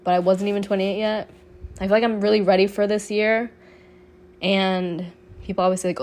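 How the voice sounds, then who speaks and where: A woman's voice: mid-range voice, flat delivery, brisk, a little mellow. A woman in her late twenties hosting a solo podcast, sick with a cough, talking casually and heartfelt, peppered with swearing and "like". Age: 20s. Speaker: podcast host.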